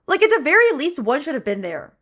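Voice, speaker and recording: Animated young woman voice actor. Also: sits high, fast. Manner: animated, chatty, demonstrates lines. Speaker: voice actor reacting to her show. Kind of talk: casual reaction commentary.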